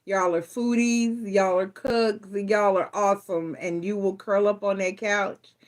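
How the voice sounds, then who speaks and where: A woman's voice: medium pitch, fairly even intonation, unhurried, poor audio. A woman giving a casual tarot reading in a chatty, playful, teasing way. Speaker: tarot reader.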